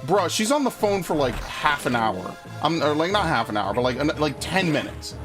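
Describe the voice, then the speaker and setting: A young man streams a game with game music in the background, telling a rambling story in casual let's-play commentary. His voice is a little high at normal speed, and he swears a lot and gets worked up in excitable rants.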